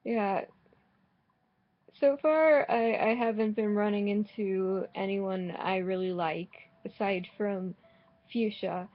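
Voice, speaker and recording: Woman, gaming commentary, sarcastic, swears, unhurried, dull lo-fi mic sound. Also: mid-range voice. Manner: sarcastic, swearing, rambling with restarts. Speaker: gaming vlogger. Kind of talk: casual gameplay commentary.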